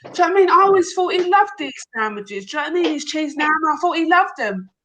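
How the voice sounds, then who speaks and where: A woman's voice: high voice, animated, racing, pushed and bright, slight background noise, voice pushed up. A woman voicing a puzzled English wife in a joke. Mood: baffled. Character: baffled English widow, middle-aged.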